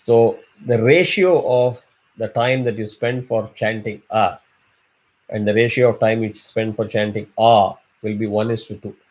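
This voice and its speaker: A man's voice: fairly low pitch, a little mellow. Patient man teaching chanting. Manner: patient, explains with drawn-out chanted examples. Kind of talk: online class instruction.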